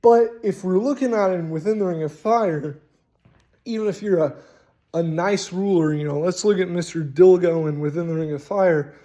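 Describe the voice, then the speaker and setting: A man hosting a casual, rambling talk on tabletop role-playing, animated and full of swearing. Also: sits high, normal speed. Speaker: host.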